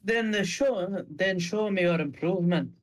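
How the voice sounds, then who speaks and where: A man taking part in a tabletop role-playing game, pausing and checking details with the game master. His voice sits a little higher than most men's. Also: low-quality recording. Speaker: player. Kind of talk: casual tabletop play.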